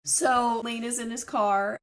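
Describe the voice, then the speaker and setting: A woman's voice: on the high side, steady tone, slow pace, a bit bright. A woman co-hosting a podcast, chatting casually as she narrates a movie's plot and reacts to it. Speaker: podcast co-host. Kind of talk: casual movie recap chat.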